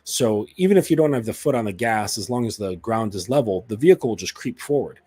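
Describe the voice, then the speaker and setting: A man's voice: fairly low pitch, lively intonation, fast talker, a little mellow, slightly rough. A man coaching other men in a casual monologue, blunt and profane, with many fillers. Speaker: dating and self-improvement coach.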